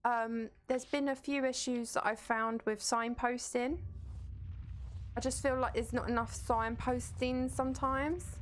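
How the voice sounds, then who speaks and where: A woman's voice: a little high, fairly even intonation, unhurried, a little hiss or hum. A young Scottish woman casually commentating a video game stream, chatty and swearing now and then while she answers her chat.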